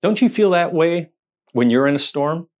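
A man preaching a sermon, telling the story in an animated way, asking rhetorical questions and quoting the voices in it. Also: fairly high pitch, moderate pace.

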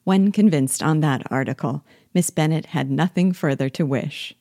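Brief: woman reading a classic novel aloud, low-pitched and warm, steady and clear. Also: dry recording, clean studio sound. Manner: measured, clear narration. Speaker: literature guide reading aloud.

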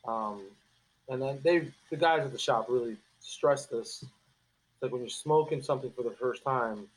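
Animated storytelling man. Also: medium pitch, normal speed, rough recording. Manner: animated storyteller, acts out coworkers' voices. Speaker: cigar company guest. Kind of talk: casual podcast chat.

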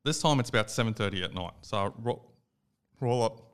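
A young Australian man co-hosting a casual podcast chat. He tells an animated story, acts out the quoted lines, and swears casually. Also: lowish voice, fairly quick, smooth. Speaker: podcast co-host.

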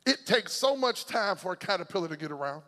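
A man preaching a sermon in a church with rhythmic, repeating phrases that build up to shouting. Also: high voice, expressive, fast, in a large hall.

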